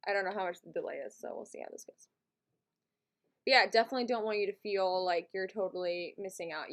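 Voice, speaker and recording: A woman's voice: mid-range voice, fairly quick, long pauses, fairly bright tone. A woman hosting a live stream, chatting casually and giggly with her viewers from a home setup. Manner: chatty and giggly, talks to chat.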